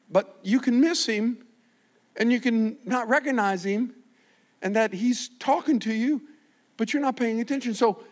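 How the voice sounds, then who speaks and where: An older man, a pastor, preaching a sermon with animated storytelling and frequent restarts. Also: sits high.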